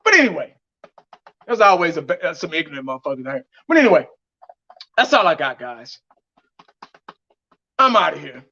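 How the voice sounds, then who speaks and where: A man's voice: a little high, big pitch swings, moderate pace, creaky, pauses often, sharp tone. A man giving blunt, heated fan commentary on his vlog, laughing mockingly as he rants. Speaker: fan vlogger. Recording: dull lo-fi audio.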